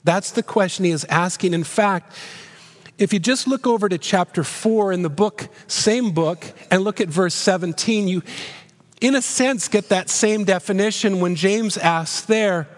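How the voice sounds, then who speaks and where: A man in his fifties preaches with earnest emphasis, his voice pitched high for a man. He presses each point with repeated rhetorical questions. The sound carries a long reverb from a large church hall. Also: measured pace. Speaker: pastor. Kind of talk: sermon.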